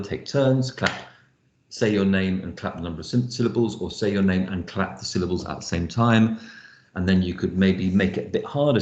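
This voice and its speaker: A lower-voiced man gives an online phonics lesson. He explains things step by step and pauses often on fillers. The room around him sounds noticeably echoey. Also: a little mellow, muffled recording. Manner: explanatory, thinks aloud with fillers. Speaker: lecturer. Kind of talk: online teaching session.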